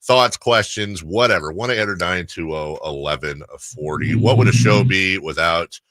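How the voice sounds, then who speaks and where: Man, radio host, joking, laughing, lowish pitch, dry studio mic. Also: fairly bright tone, no echo. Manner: jokey, laughs often, quick to riff. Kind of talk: casual sports radio chat. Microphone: studio microphone.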